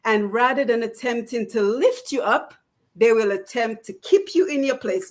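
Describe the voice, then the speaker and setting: A woman with a higher voice delivers a formal congratulatory speech. She speaks in an uplifting, oratorical way. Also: normal speed. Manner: inspirational, oratorical.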